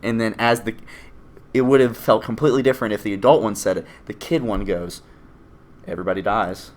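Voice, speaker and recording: A man co-hosting a casual movie review chat, animated, laughing often and acting out quoted lines. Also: lowish voice, brisk. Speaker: podcast co-host.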